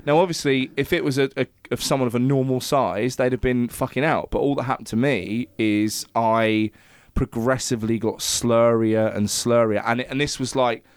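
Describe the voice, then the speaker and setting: A man's voice: medium pitch, fairly even intonation, moderate pace, few pauses, clear, resonant tone, dry recording. A man, telling sweary, self-deprecating anecdotes in a casual chat.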